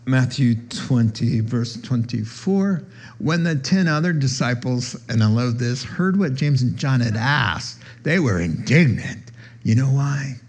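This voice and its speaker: A pastor teaches a sermon in a conversational, animated way, unhurried and with a breathy edge. He acts out the voices of the people he quotes, his pitch rising as he does.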